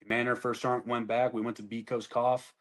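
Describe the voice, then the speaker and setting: An army sergeant in his twenties, a man with a mid-range, flat, brisk voice, tells his story casually and bluntly. He swears a lot and acts out other people's lines.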